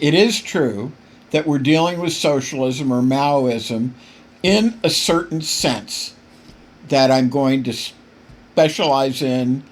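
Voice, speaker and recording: A fairly high-pitched man hosts a political podcast, giving fiery, emphatic commentary. He keeps getting worked up, stumbling often and repeating words.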